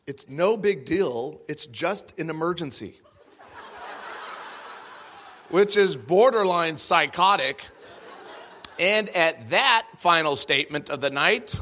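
A man from Texas giving a humorous sermon as guest speaker, acting out quotes with sudden loud bursts. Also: on the high side.

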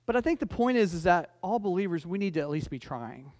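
A male pastor, preaching in church in a folksy, joking way. His voice sits high, and he often restarts and repeats his words before building to an emphatic point. The sound is close and dry, with no room echo. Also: big pitch swings, quick pace, darkish tone. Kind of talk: conversational sermon with storytelling. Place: church sanctuary.

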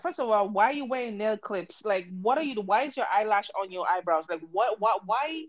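A woman's voice: mid-range voice, animated, normal speed, few pauses, dull audio. A woman co-hosting a casual podcast chat, blunt and heated, swearing freely as she tells a story with lots of energy. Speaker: podcast co-host.

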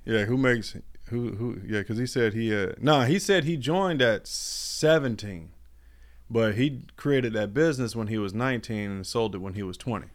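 A man's voice: mid-range voice, normal speed. A man co-hosting a podcast, telling stories in a laid-back way with lots of slang. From United States. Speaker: podcast co-host. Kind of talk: casual chat.

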